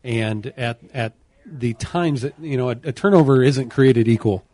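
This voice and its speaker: A man's voice: medium pitch, normal speed, warm tone, dry recording. A man commentating on a postgame football radio show, out of breath and earnest. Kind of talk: postgame radio sports talk.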